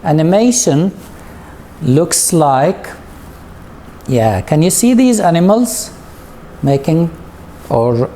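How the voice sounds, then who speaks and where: Speaking in a warm, very animated voice on the high side, a man patiently teaches English to students and keeps asking them questions. The slow, drawn-out classroom recording has a little hiss or hum.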